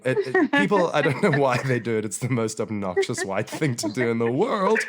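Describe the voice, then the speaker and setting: A man's voice: mid-range voice, a little fast, hardly any pauses, slight background noise. A man co-hosting a podcast, chatting casually and joking with frequent laughs. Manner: animated, joking, laughs often. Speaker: podcast co-host.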